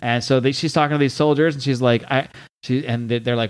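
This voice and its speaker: A man hosting a podcast, retelling a comic story in a relaxed, chatty way. He swears freely and reads the characters' lines in loose put-on voices before sliding back into his own easy tone. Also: medium pitch, fast talker, smooth. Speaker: podcast host recapping a comic. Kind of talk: casual recap with read-out dialogue.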